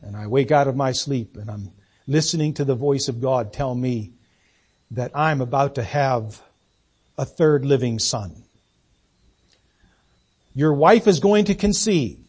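A man in his sixties, a pastor preaching a folksy, self-deprecating sermon with halting restarts. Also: medium pitch, a little mellow, breathy edge. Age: 60s.

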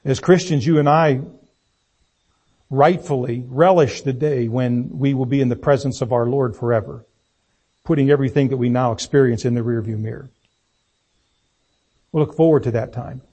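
A man preaching a sermon, reading scripture and praying in a deliberate, emphatic way. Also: medium pitch, warm tone, husky. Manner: slow, deliberate, emphatic delivery.

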